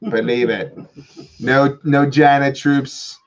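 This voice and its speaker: A man's voice: medium pitch, fairly even intonation, takes it slowly, lo-fi sound, close to an everyday voice. A man putting on a rambling, boastful older male politician, full of repetition. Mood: blustering.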